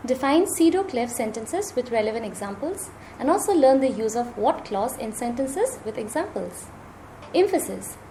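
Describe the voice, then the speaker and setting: A woman lecturer with an Indian English accent, giving a recorded grammar lesson in a measured, explanatory way. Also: sits high, dark tone, a little hiss or hum.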